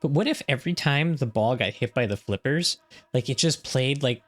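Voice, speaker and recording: A man co-hosting a casual gaming podcast stream, telling ideas in a rambling, animated way. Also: mid-range voice, normal speed, faint music behind. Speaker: podcast co-host.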